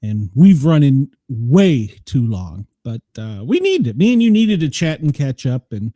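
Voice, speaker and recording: A man's voice: medium pitch, wildly swooping pitch, unhurried, dark tone, no room sound, clean studio sound. A middle-aged man from the US South, hosting a casual chat show and telling stories, laughing often. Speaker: podcast host.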